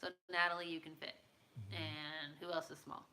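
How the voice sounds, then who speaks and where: A woman's voice: deep voice, flat delivery, normal speed, pushed and bright. A woman hosting a live stream, chatting with viewers in a bubbly, playful way while tired late at night. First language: English. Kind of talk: casual chat with viewers.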